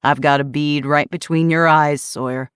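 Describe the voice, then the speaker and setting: A woman's voice: sits low, fairly even intonation, normal speed, clear, resonant tone, no echo, studio quality, close to an everyday voice. A woman narrator voicing a tense, determined young man holding others at gunpoint, speaking in clipped, threatening commands.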